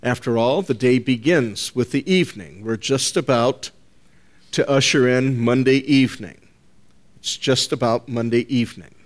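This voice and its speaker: A man preaching a sermon to his congregation in a deliberate, emphatic manner, repeating key phrases and calling his listeners "folks". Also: medium pitch.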